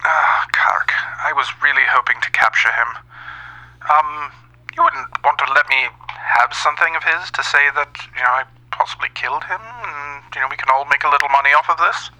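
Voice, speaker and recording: A man's voice: on the high side, moderate pace, bright, forceful tone, low-quality recording. A man voicing Bree, a sly Mandalorian bounty hunter woman. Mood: wheedling. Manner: wheedling, casual bargaining. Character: female Mandalorian bounty hunter, armored and scheming.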